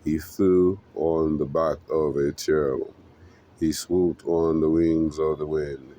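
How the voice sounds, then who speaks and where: A man giving an earnest, emotional devotional Bible reading, pausing as he goes. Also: extremely low pitch, level tone, warm tone, a little hiss or hum. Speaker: scripture reader.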